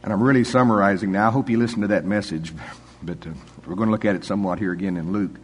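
A man's voice: on the low side, fairly even intonation, fast talker, a little hiss or hum. An older man preaching a sermon in a folksy, conversational way, chuckling often.

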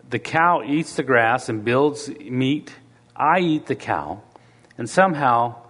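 A man's voice: lowish voice, in a large hall. A middle-aged man preaching a sermon in a church, talking in a conversational way and asking the congregation questions.

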